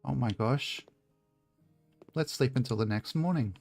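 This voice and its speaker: A man's voice: medium pitch, measured pace, gravelly, darkish tone, faint music behind. A man chatting casually and joking as he streams a video game, swearing freely. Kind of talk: casual chat while gaming.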